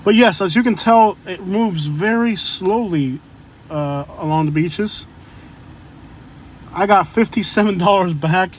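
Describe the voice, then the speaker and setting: High-voiced man rambling on a livestream. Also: unhurried, a little hiss or hum. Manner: rambling, joking, chatty asides to viewers. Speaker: live-stream vlogger. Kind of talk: casual live-stream chat.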